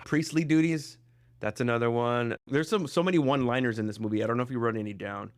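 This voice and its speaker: A man hosting a relaxed podcast conversation from a video call. He talks in a chatty, joking way, with plenty of fillers and restarts as he goes. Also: mid-range voice, racing, clean tone, no room sound, clean studio sound. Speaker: podcast host. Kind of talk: casual chat.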